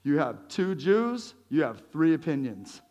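A male pastor giving a conversational sermon, lively and joking, with chuckles between his points. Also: fairly high pitch, unhurried.

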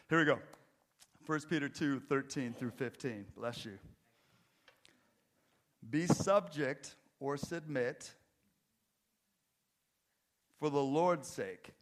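A middle-aged man preaching a sermon as pastor, mixing joking self-deprecating asides with quiet, earnest emphasis. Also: medium pitch. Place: church.

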